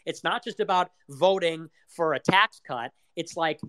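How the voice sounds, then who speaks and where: Fairly high-voiced man ranting casually. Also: measured pace, hardly any pauses, a bit bright. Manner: rambling, full of rhetorical questions and swearing. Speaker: host of an audio chat room. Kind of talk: casual political monologue.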